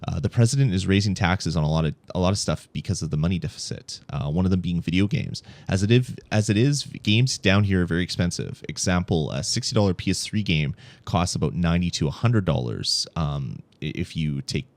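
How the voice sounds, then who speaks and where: A young man with a very low voice hosts a casual gaming podcast. He rambles easily, full of ums and restarts, recorded dry and close with no room sound. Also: animated, fairly quick, hardly any pauses, no room sound. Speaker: podcast host.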